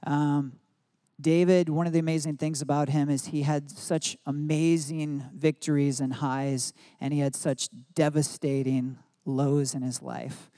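A married adult man preaches an earnest devotional Bible teaching in a slightly high, mellow voice. He blends reflection with spoken prayer declarations.

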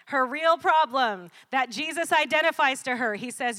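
A woman preaching a sermon in a lively, conversational way, laughing often and calling for responses from the congregation. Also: sits high, moderate pace, hardly any pauses.

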